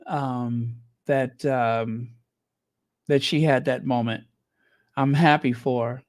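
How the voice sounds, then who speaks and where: A woman host chatting through a royal news livestream, unhurried and meandering, stopping often with fillers and false starts. She gushes sentimentally over what she reads out. The sound is close and dry, with no room around it. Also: rumbling low, no room sound. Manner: chatty, rambling, full of fillers and restarts; gushing, sentimental reactions. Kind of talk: casual livestream commentary.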